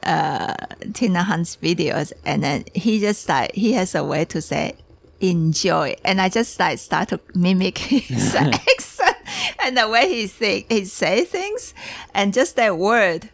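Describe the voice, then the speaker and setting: A woman's voice: medium pitch, very animated, unhurried, creaky, no room sound. A woman hosting a casual podcast, talking in a hurry and restarting her sentences as she gets ahead of herself. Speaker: podcast host and tea shop owner.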